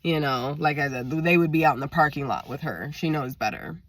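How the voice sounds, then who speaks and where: A woman's voice: sits low, animated, fairly quick, a bit bright, dry recording. A woman in her thirties tells a story to her viewers, indignant and emphatic, often speaking straight to them. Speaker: vlogger.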